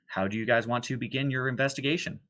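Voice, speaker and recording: A man narrating as game master of a tabletop horror game, relaxed and sometimes losing his thread. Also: medium pitch, quick pace, low-quality recording. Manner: relaxed, occasionally losing his train of thought.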